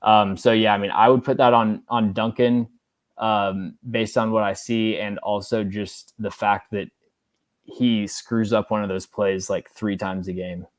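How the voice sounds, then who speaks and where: A man on a podcast as a guest analyst, breaking down football plays in a casual, halting way full of fillers and restarts. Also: fairly low pitch, level tone, no echo.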